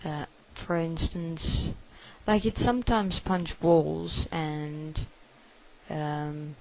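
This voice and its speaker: A woman giving a first-person spoken confession, halting and hushed, with many repetitions. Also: deep voice, steady tone, low-quality recording.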